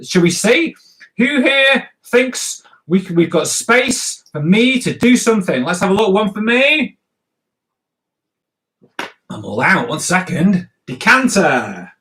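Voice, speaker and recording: Guy with a high voice doing a fun drawing lesson for kids, goofy asides while he draws. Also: sing-song, slow, a bit bright. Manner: playful, jokey, talks to viewers directly. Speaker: comics teacher.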